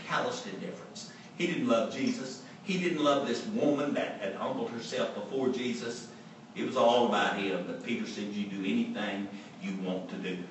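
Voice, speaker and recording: A man preaching a sermon in an earnest, emphatic way, repeating his key phrases for weight. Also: on the low side. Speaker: pastor. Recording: echoey room, from far off, faint background hum.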